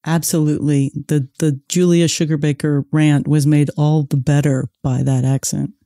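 A woman's voice: sits low, level tone, normal speed, warm tone, dry recording, studio quality. A woman co-hosting an interview, responding with enthusiasm and agreement. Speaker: podcast co-host. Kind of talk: casual interview talk.

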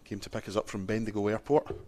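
A man commentating on a darts match in a relaxed, chatty way, laughing easily between calls. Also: lowish voice, fast talker. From Wales. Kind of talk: live sports commentary.

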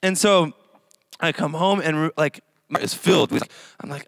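A man's voice: fairly high pitch, measured pace, vocal fry, fairly bright tone, no echo, studio quality. Chatty rambling man preaching casually. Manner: chatty, rambling storytelling with many fillers. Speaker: young adults pastor. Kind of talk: casual sermon.

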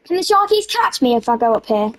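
A woman hosting a gaming video, giving excitable gameplay commentary full of playful yelling and teasing. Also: fairly high pitch, quick pace.

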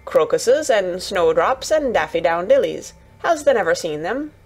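Woman putting on a gruff old gardener. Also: lowish voice, big pitch swings, measured pace, faint music behind, heavily acted. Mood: plain. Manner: blunt, grunting, dialect-heavy. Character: gruff old male Yorkshire gardener, surly.

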